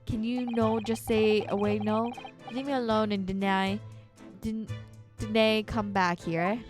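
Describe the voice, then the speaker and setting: A woman's voice: medium pitch, expressive, moderate pace, close to an everyday voice. A woman voicing a blunt, testy male prison guard in a broad, put-on Scottish-style brogue while reading game dialogue. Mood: gruff. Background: background music.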